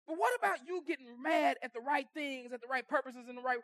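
High-voiced pastor preaching with loud bursts. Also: male voice, quick pace, no room sound, studio quality. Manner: conversational preaching with sudden loud bursts and dropped asides. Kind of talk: sermon. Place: church sanctuary.

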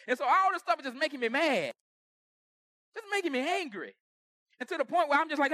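A man preaching a conversational sermon with humor, acting out everyday quarrels and swinging from soft asides to shouts. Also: high voice, expressive, fast, dry recording.

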